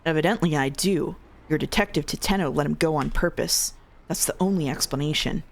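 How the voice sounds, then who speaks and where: A man's voice: on the high side, a little fast, vocal fry. A man voicing a cool, sardonic American man with a dry, knowing delivery.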